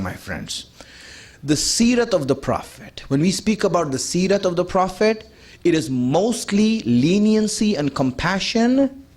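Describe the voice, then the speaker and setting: A man delivering a sermon, emphatic and conversational, repeating his key points and putting rhetorical questions to the audience. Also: high-pitched. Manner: conversational, addresses the audience directly. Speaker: religious speaker.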